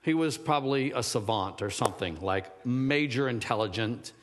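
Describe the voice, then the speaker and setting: Rambling preacher in a reverberant church. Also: male voice, medium pitch, expressive, moderate pace. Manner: rambling, searching for words, rising to emphatic fervor. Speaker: pastor. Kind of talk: sermon. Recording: long hall reverb.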